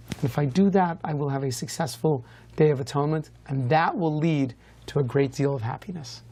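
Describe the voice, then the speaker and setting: A man, a rabbi hosting a TV show, answering viewers' questions in a lively, conversational teaching style. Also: fairly high pitch, a little fast. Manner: lively, conversational, varies pace a lot.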